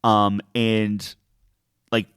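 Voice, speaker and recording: A man's voice: fairly low pitch, monotone, extremely slow, fairly bright tone, smooth, no echo, clean studio sound. A man co-hosting a podcast in casual chat. He rambles with restarts and acts out quoted lines. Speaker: podcast co-host.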